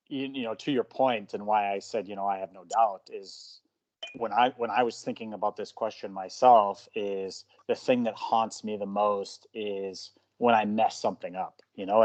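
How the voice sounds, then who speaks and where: A man's voice: on the low side, fairly even intonation, moderate pace, a little mellow, highs cut off. A man who coaches jiu-jitsu, telling self-mocking stories in a casual podcast chat.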